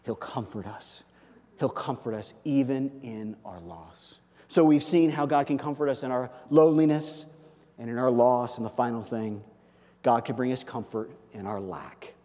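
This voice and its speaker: Conversational pastor preaching in a reverberant hall. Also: male voice, medium pitch, moderate pace. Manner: conversational, repeats "okay?", animated asides. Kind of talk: sermon.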